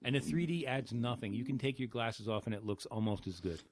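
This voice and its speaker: A man's voice: mid-range voice, brisk, dry recording. Sardonic man in dry podcast chat. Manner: sardonic, blunt, joking. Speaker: podcast co-host. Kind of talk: casual movie review chat.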